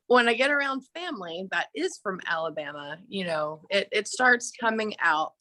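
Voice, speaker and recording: A woman from Atlanta with a general American accent, telling her story as a guest in a casual interview, quick and talkative with many fillers. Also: mid-range voice, animated, bright, forceful tone, no room sound. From Atlanta, Georgia, US. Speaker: guest, film director and actress.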